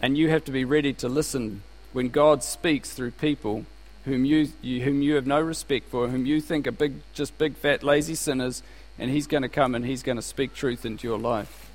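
A man's voice: medium pitch, steady tone, normal speed. A man giving a conversational sermon as a pastor, asking rhetorical questions and telling stories. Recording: reverberant hall.

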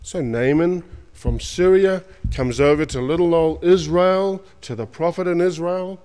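A man's voice: a little high, measured pace, a little mellow, clear, resonant tone, big-room sound. A man with an Australian accent preaching a sermon, retelling stories in colloquial slang and acting out the characters. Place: church.

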